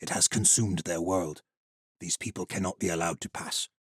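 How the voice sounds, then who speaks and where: A man playing a gruff, stern armored knight standing guard. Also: low-pitched, steady tone, moderate pace, no echo, clean studio sound.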